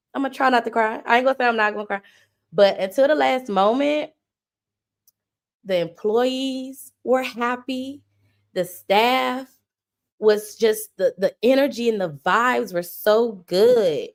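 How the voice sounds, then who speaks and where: Livestream host, woman, slow preacherly delivery, emotional and homey. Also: mid-range voice. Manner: homey and emotional, slipping into churchy cadence. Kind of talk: mock funeral tribute on a livestream.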